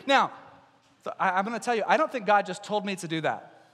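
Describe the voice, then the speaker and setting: A man's voice: high-pitched, fairly quick. A male pastor preaching a sermon, telling a story and acting out its characters, in a hall with long reverb. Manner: animated storyteller, acts out characters.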